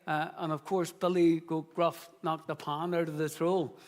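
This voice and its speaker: A man's voice: fairly high pitch, little pitch movement, normal speed, big-room sound. A middle-aged man, the founding pastor of his church, preaching in an earnest, conversational way and telling stories. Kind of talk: sermon.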